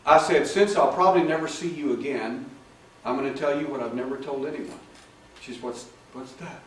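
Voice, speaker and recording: Animated storytelling man in an echoey hall. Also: medium pitch, fairly quick. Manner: animated storyteller acting out dialogue in raised voices. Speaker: hypnotherapist speaking to an audience. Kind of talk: talk with audience questions. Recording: echoey room, far from the mic, faint noise.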